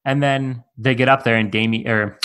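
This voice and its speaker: Young dude cohosting a podcast, bright voice, laid back, kinda hedgy. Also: male voice, medium pitch, steady tone, normal speed, smooth. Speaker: podcast co-host. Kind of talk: casual chat.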